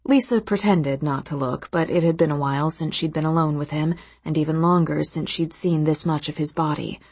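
A woman reading a novel aloud in steady, scripted narration. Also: low-pitched, fairly quick, husky, no echo. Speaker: audiobook narrator.

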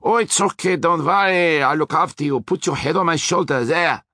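A man's voice: fairly high pitch, moderate pace, dry recording, clean studio sound, voice pushed up. A man voicing a grim, menacing male chauffeur with an Austrian accent in a storybook reading. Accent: put-on Austrian. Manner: menacing, shouting, grimly emphatic.

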